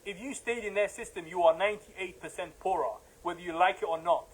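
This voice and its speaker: A man delivering a fervent religious talk in a notably high voice. He hammers his points with repetition and builds into heated, emphatic bursts. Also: a little fast, slightly rough, rough recording. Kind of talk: impassioned religious lecture.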